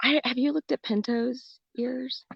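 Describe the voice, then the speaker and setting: A woman's voice: high voice, steady tone, unhurried, gravelly, husky, no room sound, highs cut off. A woman guest talking casually from outdoors near chickens over a video call, giving plain, brief answers. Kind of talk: casual chat.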